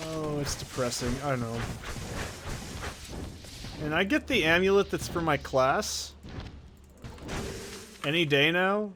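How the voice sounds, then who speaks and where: A man giving let's play commentary with a slightly high voice. He rambles and swears freely, joking as he plays, with a faint hiss behind him. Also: expressive, slow pace, pauses often. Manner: rambling, profane, jokey. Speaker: gaming channel host.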